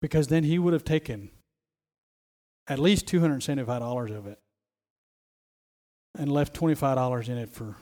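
A man's voice: mid-range voice, normal speed, long pauses, dark tone. A man preaching a sermon, emphatic, often repeating phrases and restarting as he stresses a point.

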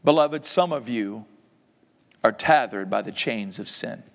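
A man's voice: fairly low pitch, expressive, measured pace, gravelly, long reverb tail. A male pastor preaching a sermon in a church, emotive and joking with his congregation.

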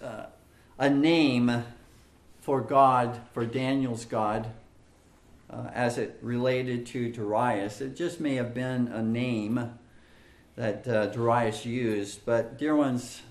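A man preaching an expository sermon in a measured, emphatic way, with frequent fillers and repeated phrases. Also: medium pitch. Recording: echoey room.

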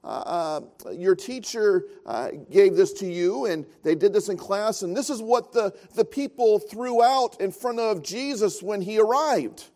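A man's voice: high-pitched, lively intonation, measured pace, hardly any pauses, warm tone. A man preaching a sermon as pastor of a church, telling stories with frequent filler sounds.

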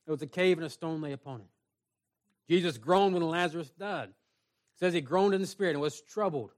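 High-pitched guy preaching in a small church, earnest, reads scripture out. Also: a little fast. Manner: earnest preaching, reads scripture aloud in King James wording. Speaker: pastor. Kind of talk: sermon.

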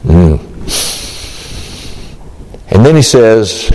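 A man preaching an expository sermon, emphatic and animated, acting out the disciples' questions. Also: deep voice, slow, in a large hall, a little hiss or hum, rough recording.

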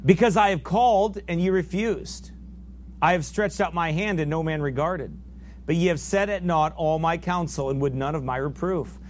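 Reading from scripture in antiquated biblical wording, a preacher swings between loud peaks and low asides in a fervent, emphatic sermon at normal pace. A faint hiss or hum is audible.

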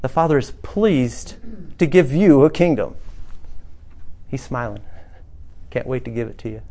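A man's voice: mid-range voice, expressive, a little slow, gravelly, warm tone. A man, the pastor, preaching a conversational sermon to his church congregation, building to emphatic passages. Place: small church, former bank building.

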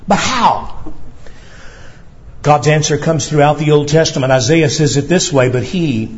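A man preaching a sermon as pastor, earnest and emphatic, slowing for weight and pressing questions on his listeners. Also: on the high side, muffled recording.

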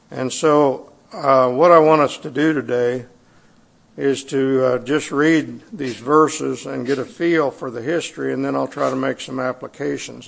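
Gravelly-voiced man preaching a sermon. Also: mid-range voice. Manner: conversational, halting with fillers and restarts. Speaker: pastor. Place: church sanctuary.

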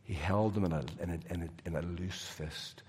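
A man's voice: deep voice, fairly even intonation, moderate pace, breathy edge. Preacher man in a reverberant hall. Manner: dynamic, swings from loud emphasis to soft hushed drops. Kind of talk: sermon. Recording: long reverb of a large hall.

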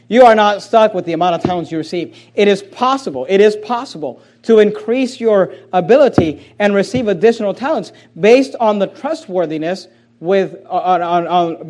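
A man preaches a sermon with an unusually high-pitched voice. He swings between loud, forceful outbursts and quiet, low asides. He mimics people's excuses in a whiny tone before answering them bluntly. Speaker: pastor.

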